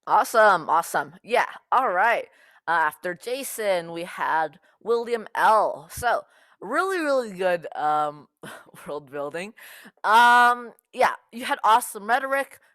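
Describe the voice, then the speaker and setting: A woman's voice: medium pitch, big pitch swings, takes it slowly, fairly bright tone, no echo. A woman judging a speech tournament, giving upbeat feedback full of uhs over a video call. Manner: upbeat, heavy on uh and awesome. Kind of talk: casual spoken feedback.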